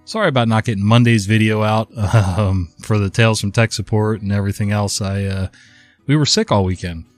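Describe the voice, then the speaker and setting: A man's voice: fairly low pitch, steady tone, brisk, faint music behind. A man in his fifties, worn out from a cold, casually narrating a story in a conversational way. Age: 50s.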